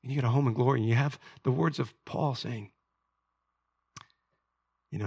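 A man preaching a sermon as pastor, moving between soft confiding storytelling and loud, fervent peaks. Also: mid-range voice, normal speed, vocal fry, breathy edge. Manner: drops to soft confiding tones for personal story.

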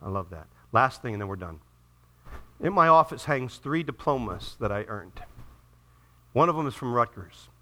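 A man pastor preaching a sermon in a church, swinging between loud emphatic peaks and quiet, hushed appeals. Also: mid-range voice, animated, normal speed, pauses often. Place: church sanctuary.

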